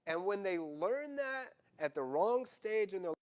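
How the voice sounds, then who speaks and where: A man pastor preaching a sermon, animated and conversational, acting out quoted voices with humor. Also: high-pitched, a little slow.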